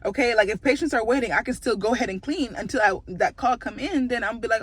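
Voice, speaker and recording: A woman telling a story in a casual vlog, chatty and animated, with lots of fillers and laughter. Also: on the high side, fast talker, few pauses, husky.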